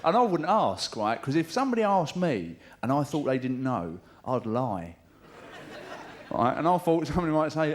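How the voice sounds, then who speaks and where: A man with a London accent doing a live stand-up routine in a theatre, cheeky and full of swearing, often shouting out mimicked voices. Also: fairly high pitch, big pitch swings, moderate pace. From England. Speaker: stand-up comedian. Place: large theatre stage with audience. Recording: theatre show taped with audience noise.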